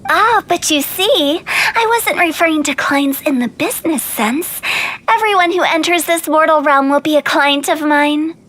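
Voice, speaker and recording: A woman's voice: sits high, moderate pace, fairly bright tone. An actress voicing a playful young woman who runs a funeral parlor, teasing and breezy, with morbid humor. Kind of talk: video game voice acting.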